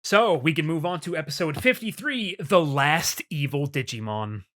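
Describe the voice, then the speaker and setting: Young man on a podcast, bright voice, profane and laughing, casual episode recap. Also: fairly high pitch, animated, moderate pace. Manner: loose and profane, laughs often. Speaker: podcast co-host.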